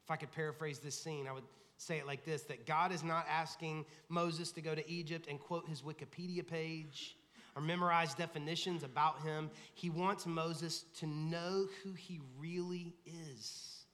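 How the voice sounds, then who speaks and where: A man's voice: a little high, steady tone, normal speed, fairly bright tone. A man, the lead pastor, preaching a sermon in a casual, conversational way, acting out quoted voices. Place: large church sanctuary. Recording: long hall reverb.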